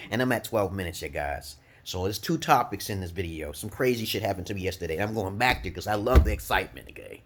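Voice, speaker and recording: A man from Brooklyn, New York, ranting to camera with profane, blunt advice. He restarts sentences, keeps asking "okay?", and swings between forceful outbursts and low mutters. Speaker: vlogger giving life advice. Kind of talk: profane rambling rant to camera.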